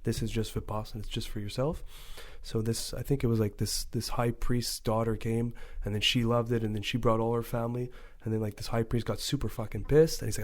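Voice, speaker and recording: A man with an ordinary middle-pitched voice tells a long story on a casual podcast. He rambles loosely and drops swear words as he goes. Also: level tone, fairly quick, hardly any pauses. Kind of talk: casual conversation.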